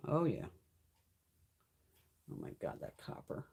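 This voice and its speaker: This beauty vlogger, a woman in her fifties, chats casually on a live stream while showing off a makeup haul. Her voice is mellow and slow, and she swears freely and laughs often.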